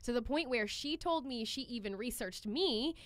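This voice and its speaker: A young woman hairstylist chatting casually, a blunt, animated storyteller who acts out her clients' lines. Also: a little high, moderate pace, dry recording. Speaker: hairstylist and podcast co-host. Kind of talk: casual chat.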